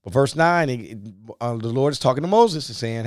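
A man's voice: mid-range voice, fairly quick, hardly any pauses, no room sound, studio quality. A man preaching a sermon in a folksy style, acting out the biblical figures as he explains the scripture. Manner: animated, folksy, acts out biblical dialogue.

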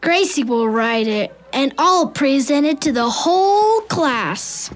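Woman doing a show-off schoolboy, high voice, slow drawl, pushy, children's audio drama. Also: lively intonation. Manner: pushy, self-important.

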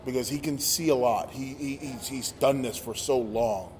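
A man telling a story in casual chat, acting out quotes with animated energy. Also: mid-range voice, normal speed. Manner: animated, acts out quotes loudly. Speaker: podcast guest, former wrestler. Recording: roomy with long reverb and faint noise.

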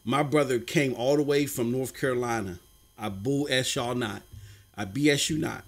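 A man's voice: mid-range voice, normal speed. A man co-hosting a gaming livestream, chatting casually in slang and telling stories. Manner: storytelling, slangy, affirms with mm-hmm.

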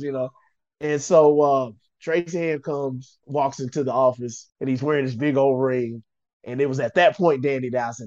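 A man's voice: medium pitch, fairly quick, darkish tone, dry recording, muffled recording. A man, a former quarterback, tells a story in an interview and acts out the voices of the people in it.

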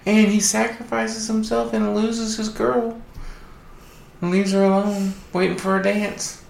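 Man, casual podcast chat, joking asides, gravelly voice, echoey room. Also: sits high, little pitch movement, a little slow. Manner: retells movie plots with joking asides. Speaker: podcast co-host.

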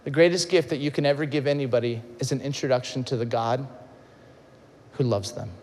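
A man preaching a sermon, telling stories with lively acted-out quotes and shifts between loud and soft. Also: medium pitch, brisk, long reverb tail, a little hiss or hum. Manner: animated storytelling, acts out quotes, swings loud and soft. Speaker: pastor. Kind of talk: sermon with storytelling.

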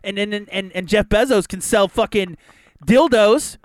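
A man's voice: high-pitched, moderate pace, no echo, clean studio sound. A man co-hosting a podcast, telling rambling comic stories full of swearing. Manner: profane, rambling, lively. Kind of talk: casual comedic storytelling.

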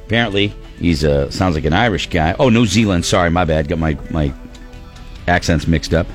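A man's voice: low voice, moderate pace, faint music behind. A man hosting a radio show in casual banter, rambling and joking, often trailing off and restarting.

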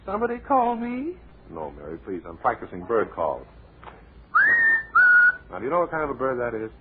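A man hosting a comedy radio show in a deadpan, rambling, mock-serious way, heard on a tinny old radio recording with light hiss. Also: lowish voice, moderate pace. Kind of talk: deadpan comic radio patter.

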